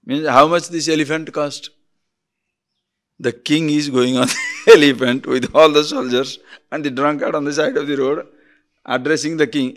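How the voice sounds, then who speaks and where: A man's voice: mid-range voice, normal speed. A man giving a spiritual discourse as a teacher, telling stories and acting out quarrels. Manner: animated storytelling, acts out quarrels.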